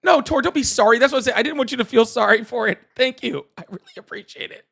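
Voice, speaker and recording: A man hosting a live call-in political stream, animated, laughing often and thanking viewers. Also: extremely high pitch, fast, creaky. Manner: apologetic, excitable. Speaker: livestream host.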